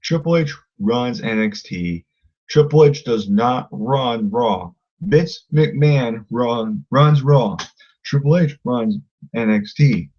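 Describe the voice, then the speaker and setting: A man's voice: medium pitch, lively intonation, takes it slowly, muffled recording. A man ranting angrily at a critic, combative and insulting, often repeating himself. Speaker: vlogger. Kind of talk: angry rant to camera.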